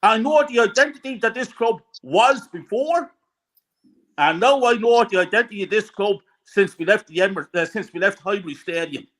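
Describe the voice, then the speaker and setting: A man's voice: high voice, lively intonation, moderate pace, a bit bright, rough recording. A man, ranting furiously and swearing as a guest fan on a live stream.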